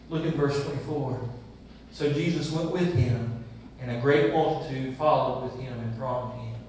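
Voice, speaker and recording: A man's voice: high-pitched, darkish tone. A male pastor preaching a sermon, asking his congregation many rhetorical questions. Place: church sanctuary. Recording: echoey church from far off.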